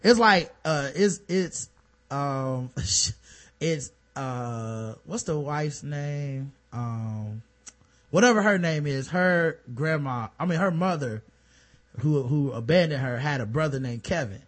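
Casual chat from a man co-host with a high-pitched voice. He talks in animated bursts, full of fillers, and slips into impressions as he tells stories. He sounds loose and excited. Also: slow. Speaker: podcast co-host.

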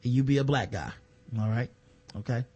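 A man co-hosting a comedic podcast, jokey and animated, laughing often. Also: medium pitch, fairly quick, husky. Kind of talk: casual comedic chat.

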